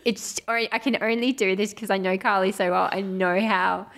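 A woman co-hosting a podcast talks candidly and laughs easily. Her speech is full of fillers. Her voice has a gravelly fry at a middle pitch. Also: steady tone, moderate pace, fairly bright tone. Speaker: podcast co-host. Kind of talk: casual chat.

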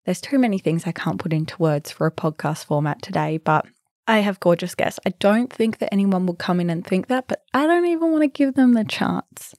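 A young woman hosting a podcast, telling stories in a chatty, animated way and sometimes dropping to a whisper. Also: mid-range voice, a little fast, dry recording, clean studio sound. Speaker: podcast host and B&B owner. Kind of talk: casual storytelling.

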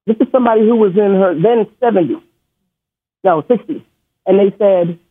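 Over a tinny phone line, a New York man calls into a radio show and tells a story about his family, stuttering and rambling emotionally. His voice is high-pitched, a little fast and has a breathy edge.

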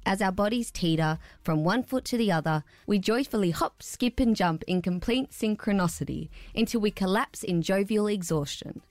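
A woman, a radio producer, reading her own story aloud with a careful, expressive delivery. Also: medium pitch, moderate pace, hardly any pauses, no room sound, soft background music.

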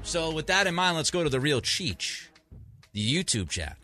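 A man's voice: a little high, sing-song, moderate pace, bright, forceful tone, faint music behind. A man hosting a sports talk radio show, emphatic and grumpy from too little sleep, often restarting his sentences. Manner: emphatic, repeats himself in restarts.

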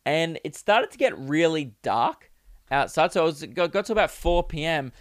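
Joking young Australian man, crisp voice. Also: a little high, lively intonation, normal speed, dry recording, clean studio sound. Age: 20s. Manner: rambling, jokey and crude, laughs often. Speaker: podcast host. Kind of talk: casual solo podcast chat. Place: home recording setup.

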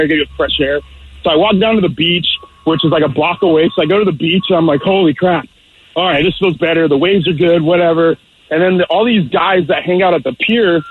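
A man in his thirties telling an animated, excitable story as a caller on a radio show, over a phone line. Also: high-pitched, slightly rough. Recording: tinny phone line with faint noise.

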